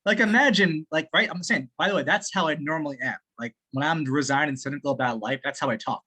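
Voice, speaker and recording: An excitable man gives feedback over a video call, swearing freely and breaking into laughs. His voice is bright and forceful, and he gets carried away as he talks. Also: on the high side, fast, husky. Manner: excitable, swears often, laughs while talking. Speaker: sales training partner giving feedback. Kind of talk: casual call chat.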